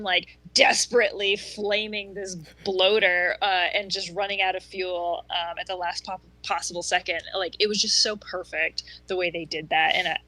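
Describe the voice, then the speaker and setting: A woman's voice: lowish voice, bright, forceful tone, no echo, poor audio. A woman on a podcast, explaining things with eager enthusiasm and plenty of um and like. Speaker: podcast co-host. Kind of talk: casual chat.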